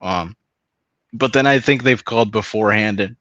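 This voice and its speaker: A man's voice: on the low side, normal speed, fairly bright tone, no echo, dull audio. A man chatting casually on a stream, rambling, swearing a lot and laughing often. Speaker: stream host. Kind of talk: casual chat.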